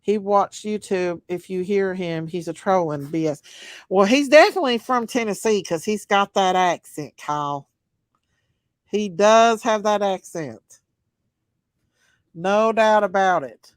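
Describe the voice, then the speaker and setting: A woman's voice: medium pitch, measured pace, no room sound, poor audio. Drawling woman in her forties. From Kentucky. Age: 40s. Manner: drawling, chatty, answering chat and commenting. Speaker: livestream host. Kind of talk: casual livestream chat.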